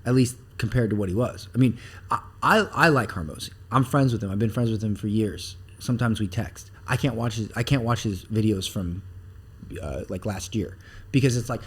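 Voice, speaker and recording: A man talking as a podcast guest about marketing, animated and blunt, with some swearing, acting out the things people say. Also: fairly low pitch, a little fast, breathy edge. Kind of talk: casual podcast interview.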